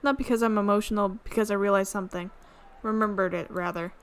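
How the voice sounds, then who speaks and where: A woman streamer reading a visual novel aloud, amused and quick to laugh. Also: medium pitch, fairly even intonation, smooth. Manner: amused, reads with frequent laughs.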